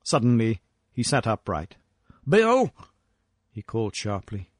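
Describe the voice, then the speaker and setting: A male audiobook reader narrates a classic story from a script, slow and measured, in a mid-range voice. The studio-quality recording has no room sound.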